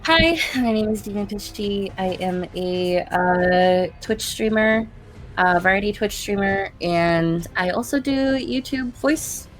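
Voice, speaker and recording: A woman's voice: mid-range voice, takes it slowly. A woman player in a tabletop game, sick with a cold, chatting casually with many ums and uhs. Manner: chatty and filler-heavy. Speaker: player and streamer.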